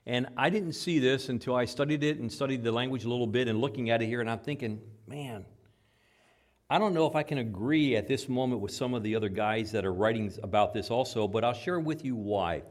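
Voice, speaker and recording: A man preaching a sermon in church, animated, repeating words and acting out the quotes. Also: mid-range voice, brisk. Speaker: pastor. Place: church with microphone.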